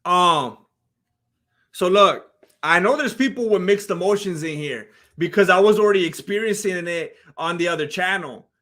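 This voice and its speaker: High-voiced animated male streamer. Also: normal speed. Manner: animated storyteller, voices the people in the clip. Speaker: streamer commenting on fight videos. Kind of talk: casual live-stream commentary.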